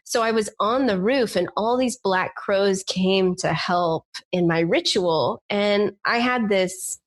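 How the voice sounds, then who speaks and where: A woman's voice: medium pitch, takes it slowly. A woman telling an emotional personal story with candid, rambling speech full of "like" fillers.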